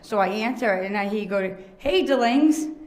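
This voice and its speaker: A woman's voice: mid-range voice, steady tone, fast talker, echoey room. A woman, the daughter-in-law, telling a story at a memorial and acting out both sides of a phone call. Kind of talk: anecdote at a memorial.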